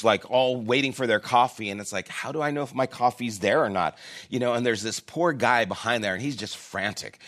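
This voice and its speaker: A man's voice: medium pitch, a bit bright. A man preaching a sermon as a pastor, telling a personal story in a casual, conversational and self-deprecating way. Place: church.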